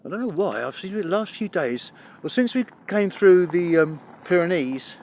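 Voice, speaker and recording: A middle-aged man films himself on a hillside walk, talking in a rambling, chatty way with dry little jokes. He is a bit out of breath and his voice sits slightly high for a man. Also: expressive, moderate pace, darkish tone, a little hiss or hum. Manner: rambling, chatty, dry humour, swears mildly. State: out of breath from climbing. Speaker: travel vlogger. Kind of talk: casual walking vlog. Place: outdoors on a hillside near water.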